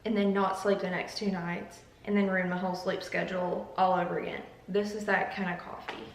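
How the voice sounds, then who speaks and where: A woman's voice: fairly low pitch, little pitch movement, a little fast, creaky, reverberant, far from the mic, slight background noise, poor audio. A young woman hosting a casual vlog, chatty and joking as she tastes coffees and drifts into tangents. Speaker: YouTuber.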